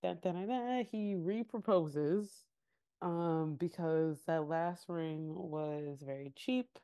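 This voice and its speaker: A woman's voice: fairly low pitch, slow pace, clear, resonant tone. A woman co-hosting a podcast, casually recapping a reality show and acting out what people said, laughing often. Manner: animated storytelling, acting out quotes with laughter. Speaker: podcast co-host.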